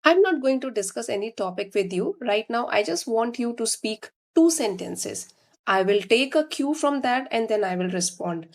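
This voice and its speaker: A woman with an Indian accent teaching spoken English, explaining slowly and deliberately. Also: fairly high pitch, animated. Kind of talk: instructional talk to learners.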